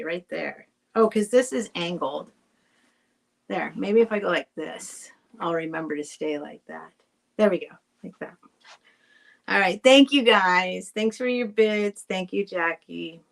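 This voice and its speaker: A woman's voice: mid-range voice, fairly bright tone. A middle-aged woman chatting casually while selling items on a live stream, rambling and thanking buyers by name. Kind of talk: casual live sale chat.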